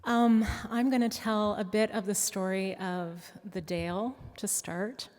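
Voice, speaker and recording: A woman on a church panel telling her congregation's story in a measured way with many pauses. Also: mid-range voice, steady tone, darkish tone. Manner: measured, careful, with many fillers. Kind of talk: panel talk. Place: large church sanctuary. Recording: long echo of a big sanctuary.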